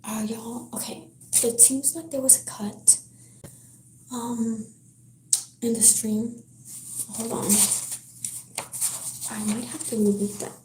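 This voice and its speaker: Slow whispering woman reading a book. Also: fairly high pitch, fairly even intonation. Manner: soft whisper, slow and careful. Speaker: live-stream book reader. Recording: roomy echo, faint hiss, dropping stream.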